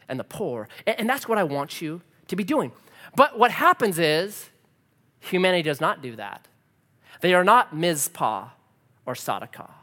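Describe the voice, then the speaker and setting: A man preaching a sermon, telling a personal story in an animated, conversational way with self-deprecating humor. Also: fairly high pitch. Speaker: pastor. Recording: long reverb of a large hall.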